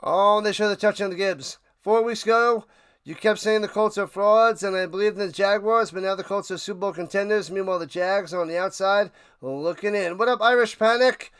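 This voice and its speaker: A man hosting a live watch party, calling plays casually and chatting with viewers, bursting into loud hype on big plays. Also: sits high, a little fast, smooth. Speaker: watch party play-by-play host. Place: home room, his man cave.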